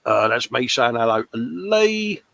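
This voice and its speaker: A man's voice: medium pitch, very animated, a little slow, creaky, a bit bright, no echo. A man hosting a casual livestream, reading out viewers' comments with chatty, matey banter. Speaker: livestream host.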